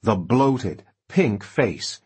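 A man reading an audiobook narration, expressive and lingering over lush description, in a husky voice. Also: lowish voice, drawn-out words.

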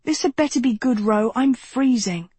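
A woman reading the lines of a sharp, skeptical teenage girl in a storybook, her voice raised in pitch. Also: moderate pace, slightly rough, dry recording. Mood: impatient.

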